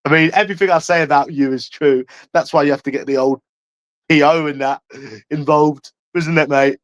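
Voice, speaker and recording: A man ranting to camera in a taunting, profane way, tagging lines with "mate" and swinging between loud and hushed. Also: a little high, fairly even intonation, brisk, no echo. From London. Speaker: vlogger.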